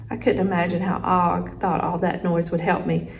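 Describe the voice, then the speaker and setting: A woman teacher reading a children's chapter book aloud with expressive storytelling. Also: on the low side, measured pace, a little hiss or hum, rough recording.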